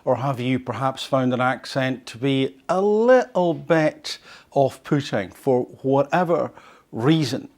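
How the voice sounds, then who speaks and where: A man's voice: medium pitch, animated, takes it slowly, a little mellow. A male podcast host who reads an article and comments on it, conversational and fond of rhetorical questions. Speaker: host of a language learning podcast.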